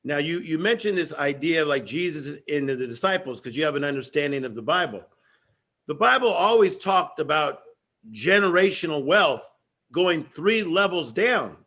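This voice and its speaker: A man speaks with fervent, preacher-like drive, hammering home his points through repetition. His voice sits fairly high for a man. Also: lively intonation, moderate pace, pushed and bright. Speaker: guest speaker. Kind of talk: energetic motivational talk.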